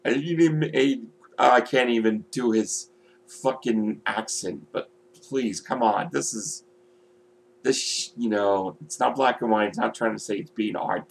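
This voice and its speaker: A man's voice: fairly low pitch, vocal fry, slight background noise. A man vlogging casually, rambling and swearing, with many "you know" fillers. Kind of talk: casual video vlog.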